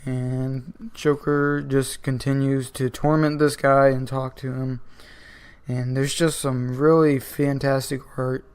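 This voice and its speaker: A man's voice: medium pitch, a little mellow, clean tone. Rambling man recapping comics casually. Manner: rambling, filler-heavy. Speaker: comic book reviewer. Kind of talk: casual video commentary.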